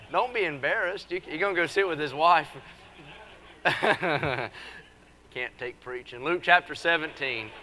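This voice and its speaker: A man preaching a revival sermon, teasing the congregation in a folksy way before building into forceful preaching. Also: mid-range voice, a little hiss or hum. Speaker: visiting preacher. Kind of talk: revival sermon with joking asides. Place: church service.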